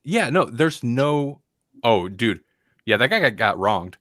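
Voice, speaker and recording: A podcast co-host with a medium-pitched, very animated voice speaks slowly, his tone bright and forceful, in a dry, clean studio recording. He reviews a film in casual, rambling chat, restarting often and putting on dull voices to mock the actors.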